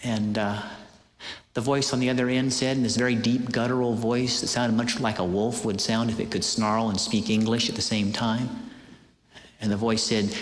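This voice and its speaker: A man preaching a sermon, telling a story in an animated way with many hesitant fillers. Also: mid-range voice, normal speed. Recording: echoey hall with long reverb.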